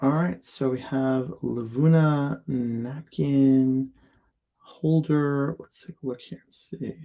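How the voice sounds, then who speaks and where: Casual live-stream reviewer: a man with a gravelly, creaky edge, rambling and loose. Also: medium pitch, steady tone, slow, mellow, highs cut off. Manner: loose and chatty, full of ums and likes, thinking aloud. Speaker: sales account executive reviewing seller listings.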